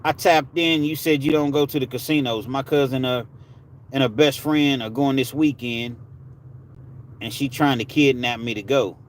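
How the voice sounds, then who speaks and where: With a medium pitch and fairly even intonation, a male streamer talks at a moderate pace, relaxed and slangy as he chats with his audience and tells stories. A little hiss or hum sits under the audio.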